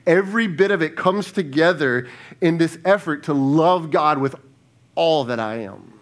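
A lead pastor giving a sermon in a conversational style, asking the congregation rhetorical questions, often restarting and repeating words, and dropping to a hushed tone when he asks them to reflect. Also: on the high side, a little slow.

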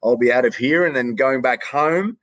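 A middle-aged Australian man, a sports announcer, joins a call as a guest from a hotel quarantine room. He talks casually at a moderate pace in a medium-pitched, slightly bright voice, calls his host mate, and often repeats words. The recording is muffled with no room sound.

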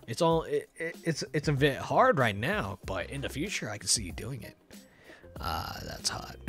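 Animated, giggly male streamer. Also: mid-range voice. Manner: animated, giggly, rambling with restarts. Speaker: VTuber streamer. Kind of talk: casual live-stream chat.

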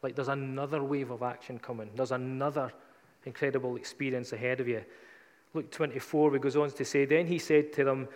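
A man gives a sermon in a mid-pitched voice, retelling the story in an easy, conversational way. The sound rings with a long reverb, as if in a large hall. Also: steady tone, a little fast. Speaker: preacher.

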